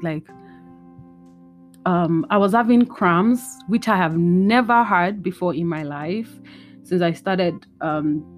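A woman talks on her own podcast in a lowish voice, tired and emotional. She rambles and slips Yoruba phrases into her talk. Faint guitar music plays softly behind her. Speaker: podcast host. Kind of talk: casual solo podcast talk. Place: indoors at home.

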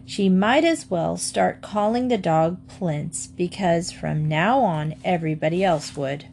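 A woman narrating a children's book in a steady, measured storytelling voice. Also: fairly low pitch, gravelly, a little hiss or hum. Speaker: audiobook narrator.

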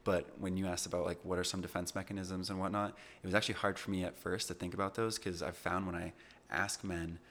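A man's voice: sits low, little pitch movement, fast, hardly any pauses, fairly bright tone. A young man talking earnestly and reflectively in a casual podcast conversation, with plenty of fillers. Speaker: podcast guest.

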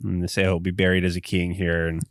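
A man co-hosting a podcast, casually recapping scenes of a movie with halting restarts. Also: low voice, little pitch movement, no echo, clean studio sound. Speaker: podcast co-host.

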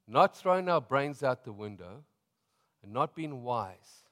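A middle-aged man with a South African accent, a pastor preaching a sermon and telling stories in a relaxed, chatty way, laughing often. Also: medium pitch, unhurried, long reverb tail. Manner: conversational storytelling, laughing often.

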